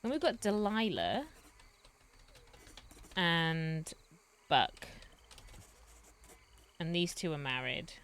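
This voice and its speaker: A woman's voice: on the low side, animated, very slow, long pauses, a bit bright, clean tone. A woman streaming a roleplay game, chatting in a rambling way and laughing often. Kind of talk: casual chat while streaming a roleplay game.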